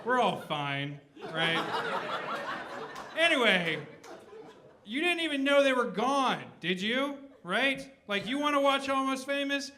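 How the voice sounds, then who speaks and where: A man's voice: very high voice, sing-song, slow, a crowd in the background. A young man doing a stand-up set on stage, rambling and swearing and tagging lines with "right?". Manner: profane, rambling, keeps asking "right?". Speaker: stand-up comedian. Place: on stage before a live audience.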